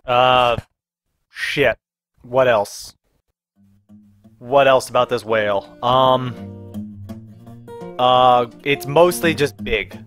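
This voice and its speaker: A man's voice: mid-range voice, very slow, long pauses, fairly bright tone, dry recording, soft background music. A man giving an off-the-cuff fact during game commentary, hesitant and fumbling for words. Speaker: let's play co-commentator. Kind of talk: casual gaming commentary.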